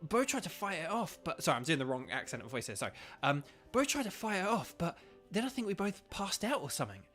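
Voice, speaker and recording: A man voicing a brash, excitable teenage boy rival in a video game read-through. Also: fairly high pitch, fast talker, faint music behind, pitched above the performer's own voice. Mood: puzzled. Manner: energetic, boastful.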